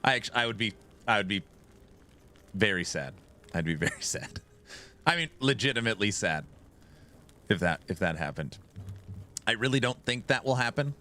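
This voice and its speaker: A man streaming a game and chatting casually with his viewers, animated and often repeating the start of his sentences. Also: lowish voice, moderate pace, long pauses. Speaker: game streamer reading chat. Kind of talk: casual livestream chat.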